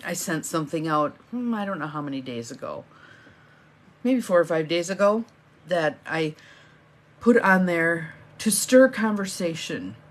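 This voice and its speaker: A woman's voice: lowish voice, expressive, a little slow. A middle-aged woman hosting a live morning coaching stream, chatty and encouraging, greeting viewers by name as they join.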